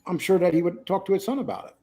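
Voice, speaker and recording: A man's voice: sits high, rapid-fire, warm tone. Rambling, joking male host. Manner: rambling, teasing, with many fillers. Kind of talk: casual live-stream chat.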